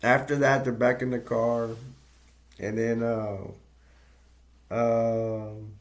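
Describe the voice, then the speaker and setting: Rambling gravelly-voiced man recapping a movie. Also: mid-range voice, level tone. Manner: rambling, halting retelling with many fillers and restarts. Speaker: movie reviewer. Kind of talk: casual plot recap.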